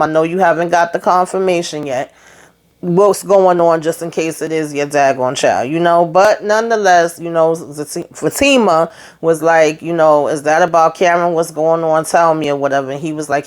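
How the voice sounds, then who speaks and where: Woman w/ recapping her show, chatty, acts out the lines as she retells em. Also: deep voice. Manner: retells scenes in quoted dialogue, chatty asides. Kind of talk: casual recap commentary.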